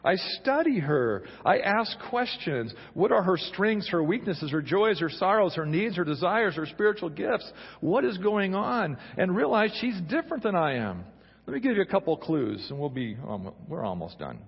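A man's voice: high voice, sing-song, normal speed, creaky, breathy edge. A middle-aged male pastor preaching a sermon in a conversational, humorous way, acting out little quotes. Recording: dull recording with long hall reverb.

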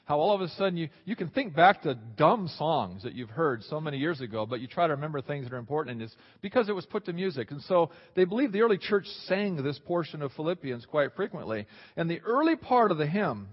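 A man preaching a sermon as a pastor, animated, swinging between quiet asides and loud exclaims. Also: sits high. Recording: dull sound with long hall reverb.

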